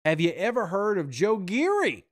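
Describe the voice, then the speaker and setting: Brief: man impersonating a smug middle-aged team exec, pompous, slightly high voice. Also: wildly swooping pitch, moderate pace. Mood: mock-serious. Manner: mock-formal, lecturing. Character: smug middle-aged male football executive.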